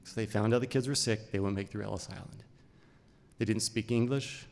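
A middle-aged man from Idaho telling a personal story in a conversational, unhurried way, with short phrases and pauses. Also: lowish voice, vocal fry. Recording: long reverb of a large hall.

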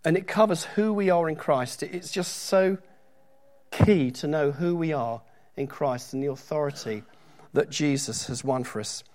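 A man's voice: a little high, unhurried, a little mellow. A middle-aged man preaching a sermon in a church, talking conversationally with joking asides and reading scripture aloud with emphasis.

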